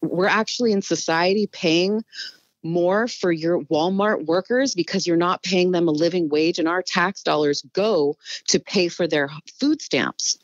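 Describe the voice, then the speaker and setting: A woman's voice: lowish voice, dry recording, highs cut off. A woman, a comedian guest on a podcast, chatting casually and arguing politics with passion. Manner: opinionated, talks politics fast and passionately.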